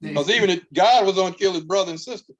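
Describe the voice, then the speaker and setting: Man, Bible study member, casual folksy talk, somewhat high voice, muffled lo-fi sound. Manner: casual, folksy, laughs between halting phrases. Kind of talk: church Bible study discussion.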